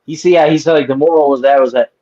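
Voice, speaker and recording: A man's voice: on the high side, fairly even intonation, very fast, dull audio, a crowd in the background. A man co-hosting a casual chat, talking bluntly and crudely.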